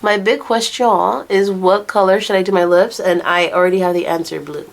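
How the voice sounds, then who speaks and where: A woman's voice: mid-range voice, fairly even intonation, moderate pace, vocal fry. A young adult woman chatting candidly while doing her makeup, swearing now and then and laughing at herself. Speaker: vlogger.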